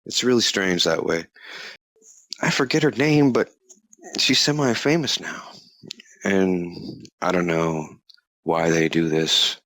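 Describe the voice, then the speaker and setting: Low-voiced man in a dry, rambling interview. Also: slow, long pauses, a bit bright, no room sound. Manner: rambling, chuckling, with many fillers. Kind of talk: casual interview talk.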